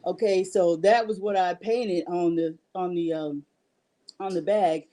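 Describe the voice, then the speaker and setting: A woman's voice: on the low side, steady tone, a little slow, dark tone. A middle-aged woman casually presenting and pricing her artwork on a livestream, chatty and rambling. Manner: chatty and rambling, with frequent restarts. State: out of breath. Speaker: artist selling her work on a livestream. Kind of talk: casual livestream sales talk.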